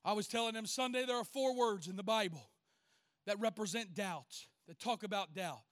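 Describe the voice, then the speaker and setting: High, bright-voiced pastor preaching. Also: male voice, normal speed. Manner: call-and-response preaching, rising to shouts. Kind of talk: sermon. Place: church.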